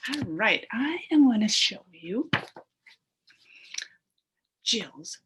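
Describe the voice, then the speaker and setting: A woman's voice: on the high side, very animated, very slow, long pauses, fairly bright tone, slightly rough, poor audio. A woman teacher leading a phonics lesson for young children, sounding out word parts, blending them and praising the class in a sing-song way. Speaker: elementary school teacher.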